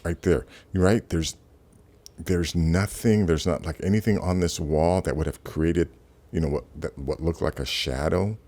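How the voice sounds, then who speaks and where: A man's voice: low voice, steady tone, normal speed, mellow. A man hosting his own video channel, talking casually over clips in a rambling way, with many fillers and restarts. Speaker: channel host.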